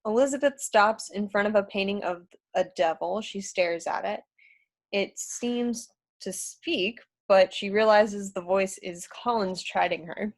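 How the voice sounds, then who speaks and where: A woman's voice: mid-range voice, unhurried. A woman narrating stage directions in a script reading, a bit hesitant. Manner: hesitant, with fillers.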